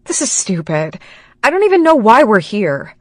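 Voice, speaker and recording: A woman's voice: mid-range voice, big pitch swings, moderate pace, no echo, studio quality, voice pushed up. A woman narrating an audiobook voices a blunt, frustrated young female friend in a curt, slightly raised voice.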